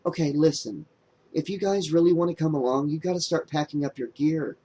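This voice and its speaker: A man voicing a determined, troubled young woman in an audiobook, speaking softly and a little higher than his own voice. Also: brisk, close to an everyday voice, poor audio. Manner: soft and hushed, lightly raised voice. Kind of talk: audiobook character voice.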